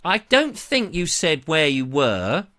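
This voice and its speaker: Live-stream host, man from England, middle-aged, slightly higher voice, rambling jokey delivery. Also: wildly swooping pitch, slow pace, sharp tone. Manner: rambling, jokey, self-mocking, slips into silly voices. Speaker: host of a live online show. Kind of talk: casual live-stream chat.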